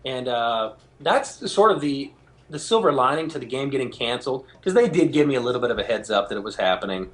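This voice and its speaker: A man being interviewed as a guest, telling stories in an animated way and acting out the voices of people he quotes. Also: mid-range voice, a little fast. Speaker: guest, game show host. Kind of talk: phone interview, storytelling.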